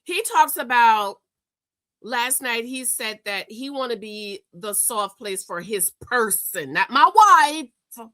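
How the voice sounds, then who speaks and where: Sassy, bright-voiced woman recapping TV. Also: a little high, slow, no echo. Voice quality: sassy, animated, talks straight to the people she reviews. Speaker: reality TV recap host. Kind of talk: casual commentary.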